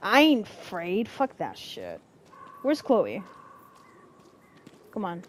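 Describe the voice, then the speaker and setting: Woman streaming a game, cussing a lot, drawly slow talk that swings up and down. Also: medium pitch, huge pitch swings, slight background noise. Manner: swears freely, reacts emotionally, slangy. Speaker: gaming streamer. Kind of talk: let's play commentary.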